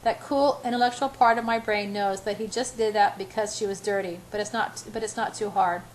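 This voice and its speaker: A woman's voice: medium pitch, steady tone, a little fast, slight background noise, poor audio. A woman narrating a romance novel in the first person as an amateur audiobook, with small slips and restarts.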